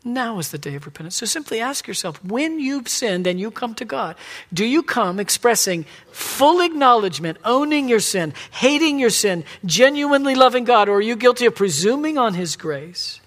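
A man with a high voice preaching a sermon. He drops to hushed whispers, then rises to loud, emphatic pleading, and acts out God and the people in quoted lines. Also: animated, moderate pace. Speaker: pastor.

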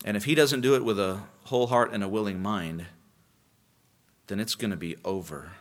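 A man's voice: on the low side, moderate pace. A man preaching a sermon as pastor, emphatic and repeating key lines for emphasis.

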